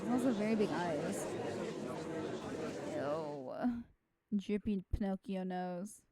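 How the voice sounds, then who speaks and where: A woman's voice: lowish voice, slow pace, heavy background noise. A young woman streaming a game, joking and reading every part aloud. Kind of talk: game playthrough commentary. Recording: game music behind voice.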